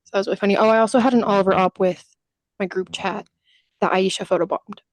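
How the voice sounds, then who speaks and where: A woman's voice: medium pitch, fairly even intonation, fast, no echo. A young adult woman co-hosting a podcast, chatting casually and telling stories with casual swearing and acted-out quotes. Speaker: podcast co-host. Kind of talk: casual chat.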